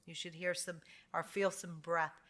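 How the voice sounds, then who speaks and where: An American woman teaching English pronunciation, drawing out sounds slowly and praising each try. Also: fairly low pitch, level tone, a bit bright, a little hiss or hum. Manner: slow, patient, drawn-out sounds for repetition; encouraging praise after each drill. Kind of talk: slow phonics lesson.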